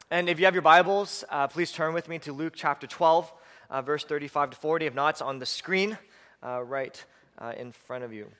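Man, middle-aged pastor, sermon, earnest and urgent, repeats phrases, fillers, slightly high voice, long church reverb. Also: normal speed, fairly bright tone. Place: church sanctuary.

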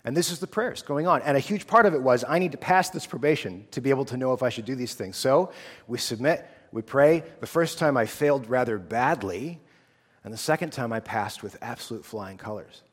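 A man's voice: medium pitch, animated, brisk. A man in his thirties from the United States, a theology student telling a personal testimony in an earnest, casual storytelling way. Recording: long hall reverb.

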